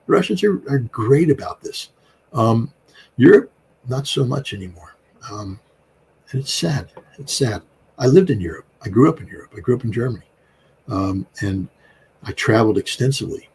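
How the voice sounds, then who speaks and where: A man's voice: mid-range voice, lively intonation, normal speed, long pauses, a little mellow, slightly rough, low-quality recording. An American man in his sixties, speaking as an interview guest in a rambling, emphatic way with frequent fillers. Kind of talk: casual interview talk.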